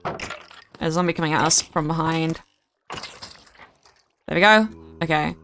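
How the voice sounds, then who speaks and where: A woman's voice: low-pitched, measured pace, noisy background. A woman streaming herself playing a game, chatting and rambling casually as she greets viewers by name. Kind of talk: casual livestream gameplay chat.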